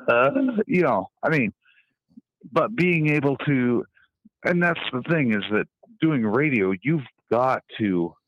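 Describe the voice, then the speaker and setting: Male radio host, guest on a call-in; easygoing, lively pitch, dry lo-fi sound. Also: slow, dry recording. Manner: easygoing, mimics voices when telling stories. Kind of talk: casual podcast chat. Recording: dry, dull call-in audio.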